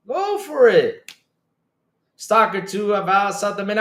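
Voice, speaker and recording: A man hosting a live stream, reading chat aloud and reacting with excitable disbelief and frequent laughter. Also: sits high. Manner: excitable, incredulous, laughing, rapid swings in loudness.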